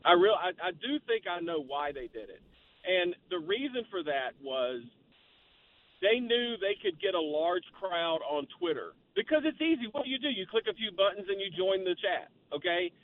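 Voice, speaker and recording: A man's voice: high-pitched, very animated, moderate pace. A man calling in to a talk radio show, blunt and opinionated. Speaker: caller. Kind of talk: call-in political talk radio. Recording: tinny phone line.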